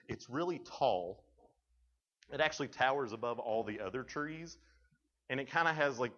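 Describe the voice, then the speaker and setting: A young youth speaker from Tennessee, with a Southern accent, gives a funny talk to students and acts out conversations in his stories. His voice is mid-range and a bit bright, and the recording sounds dull and lo-fi.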